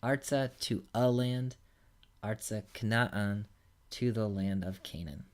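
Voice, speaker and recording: A man's voice: mid-range voice, measured pace, darkish tone. A man teaching a recorded language lesson, patiently walking through examples one at a time. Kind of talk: recorded lecture.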